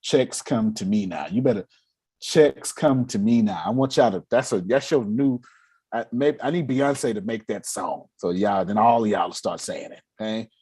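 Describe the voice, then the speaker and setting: A man leading a motivational meeting on money and cash flow, animated and laughing as he acts out quotes. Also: lowish voice, moderate pace, breathy edge. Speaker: finance coach leading a meeting. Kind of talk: motivational talk.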